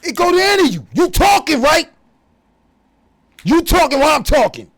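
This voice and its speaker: A man's voice: very high-pitched, sing-song, normal speed. A man delivering a profane, confrontational religious rant as a vlogger. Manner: profane, aggressive, preachy.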